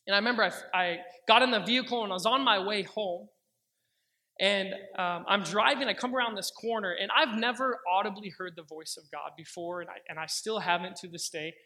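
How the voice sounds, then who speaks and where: A young man giving a sermon, telling a personal faith story earnestly and slowing down for the prayers he quotes. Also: sits high, sharp tone. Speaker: pastor.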